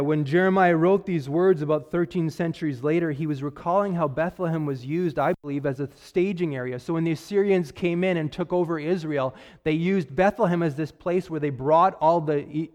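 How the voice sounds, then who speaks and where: Pastor, male, earnest sermon delivery, reverberant sanctuary sound. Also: a little high. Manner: earnest preaching with rising emphasis and soft drops.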